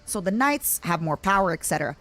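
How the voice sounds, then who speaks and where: A woman's voice: on the low side, very animated, a little fast, fairly bright tone, soft background music. A woman VTuber streaming a strategy game, chatting casually and playfully pleading with the game as she plays. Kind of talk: casual live gameplay commentary.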